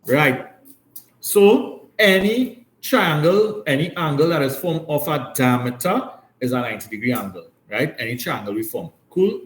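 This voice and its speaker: A man's voice: fairly high pitch, expressive, moderate pace. A man teaching a maths class, explaining step by step and often checking with "right?". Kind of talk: classroom lesson. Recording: roomy classroom echo.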